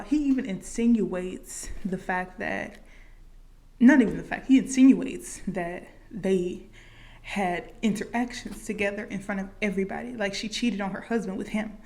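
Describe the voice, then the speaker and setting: A woman's voice: medium pitch, moderate pace, a little mellow. A woman casually retelling a movie plot, with lots of fillers and quoted lines. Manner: chatty, many likes and fillers. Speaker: movie reaction vlogger.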